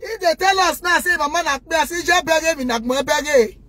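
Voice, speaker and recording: A woman with a Nigerian accent in an impassioned rant to the camera, scolding loudly and indignantly and addressing her viewers directly. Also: very high voice, normal speed, no room sound.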